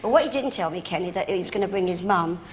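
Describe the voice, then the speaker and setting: A woman guest on a TV chat show, telling gossipy anecdotes in an animated way and laughing often. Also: lowish voice, fast. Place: TV studio. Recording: noisy old TV broadcast.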